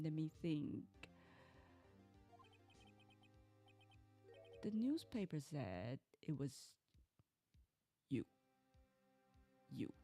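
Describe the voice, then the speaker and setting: Woman doing a young male defense attorney, earnest and dry, lowered voice, slow, mellow. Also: full character voice. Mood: deadpan. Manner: earnest, then deadpan.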